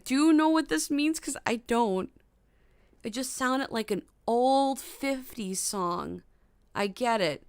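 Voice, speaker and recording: A young woman hosting a casual livestream from her bedroom at night, startled, sometimes hushed and humming melodies high. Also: takes it slowly, clear, resonant tone, dry recording. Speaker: livestream host.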